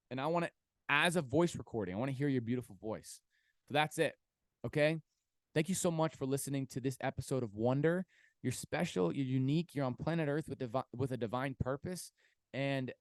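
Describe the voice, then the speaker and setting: A man hosting his own podcast, speaking at a middle pitch in a loose, rambling way full of ums and casual swearing. He swings into loud, fired-up motivational bursts. The sound is dry and close. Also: no room sound. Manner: rambling, swears, lots of fillers, hyped bursts. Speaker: podcast host. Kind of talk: casual solo podcast pep talk.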